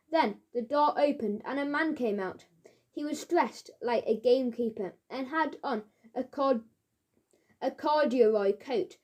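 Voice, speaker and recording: A woman narrating a children's mystery audiobook in a steady storytelling manner. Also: fairly high pitch.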